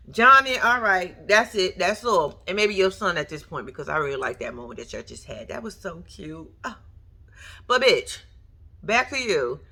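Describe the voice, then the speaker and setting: A woman in a casual reaction commentary, blunt and profane as she talks straight to her viewers. Her pitch swings all over the place, and her voice is bright and sharp. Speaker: reality TV commentator.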